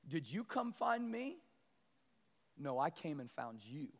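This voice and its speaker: A man voicing God as a calm, patient landowner who asks quiet, measured questions. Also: on the high side, vocal fry, heavily acted. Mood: gently firm. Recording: long church hall reverb.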